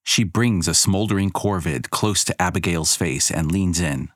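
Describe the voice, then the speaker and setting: A man with a very low voice narrates a fantasy story in a wry, measured way. The sound is dry and close to the mic. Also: fairly bright tone, no room sound.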